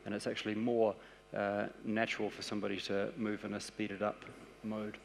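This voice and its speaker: A man with a New Zealand accent giving a conference presentation, explaining ideas in a steady, practical way. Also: on the low side, moderate pace, gravelly, slight background noise. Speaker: conference speaker. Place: large conference hall. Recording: echoey conference hall.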